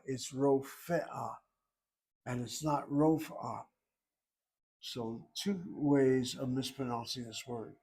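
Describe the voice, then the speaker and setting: A man's voice: mid-range voice, a little mellow, slightly rough. A man teaching a Hebrew lesson, who explains pronunciation and spelling step by step and asks himself questions as he works through each word. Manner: thinks aloud with rhetorical questions. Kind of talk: recorded lesson lecture.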